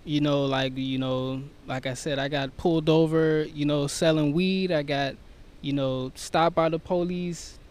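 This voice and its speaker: A man in casual conversation, talking reflectively and softly about his own life and struggles. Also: on the high side, steady tone, a little slow. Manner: reflective, soft-spoken, storytelling. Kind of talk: casual chat.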